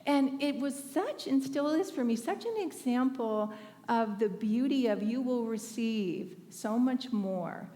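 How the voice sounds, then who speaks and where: A woman's voice: fairly high pitch, lively intonation, measured pace, mellow, in a large hall. A woman from Northern California giving a storytelling sermon at a thanksgiving service, conversational and often laughing. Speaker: speaker at a spiritual thanksgiving service.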